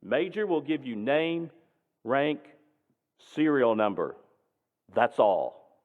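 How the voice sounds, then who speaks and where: A man doing a calm, stern army sergeant. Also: on the high side, moderate pace. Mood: calm defiant. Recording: tinny, echoing hall.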